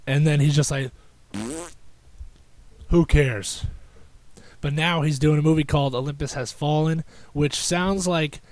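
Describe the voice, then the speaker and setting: A young man hosting a casual solo podcast, rambling and sarcastic with many halting restarts. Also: fairly high pitch, no room sound. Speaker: podcast host.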